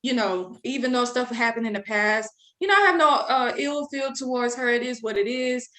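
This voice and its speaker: A woman's voice: fairly high pitch, moderate pace. A young adult woman, a guest, telling a story in casual chat and acting out what people said. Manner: animated, acts out quoted people. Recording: roomy echo.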